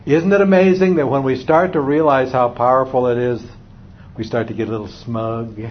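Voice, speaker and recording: A man's voice: mid-range voice, steady tone, moderate pace. A man giving a live parenting seminar to an audience, wry and humorous, acting out little parent-and-kid dialogues. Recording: dull lo-fi recording with faint noise.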